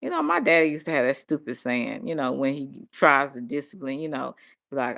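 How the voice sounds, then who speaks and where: An older woman, talking in a rambling, animated monologue. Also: very deep voice, fairly quick, gravelly. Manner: rambling, animated storytelling with vernacular speech. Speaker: vlogger. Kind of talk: casual monologue. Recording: dull lo-fi audio.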